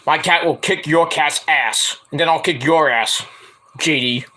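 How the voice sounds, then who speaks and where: A man hosts his own stream, running through wrestling news in a loose, rambling way, with plenty of jokes and swearing. His voice sits high and bright, and it is worn hoarse from a night of screaming. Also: measured pace. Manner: rambling, joking, profane. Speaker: stream host.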